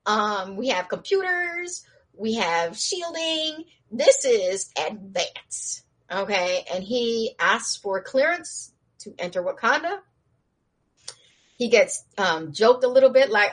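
A woman casually recapping a show in slangy talk, acting out the characters' lines in a higher voice and laughing now and then. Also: expressive, slow, a bit bright. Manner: chatty with frequent laughs and asides.

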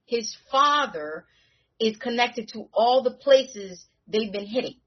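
A woman hosting a casual podcast recap, talking in an animated, slangy way with frequent restarts. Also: on the high side, slow, husky, muffled recording. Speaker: podcast host recapping a TV episode.

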